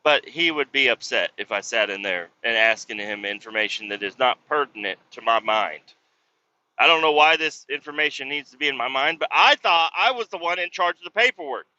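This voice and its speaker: A man's voice: medium pitch, animated, fairly quick, pushed and bright, lo-fi sound. A man in his thirties hosting a solo podcast, ranting casually and profanely in a rambling, exasperated way. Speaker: podcast host.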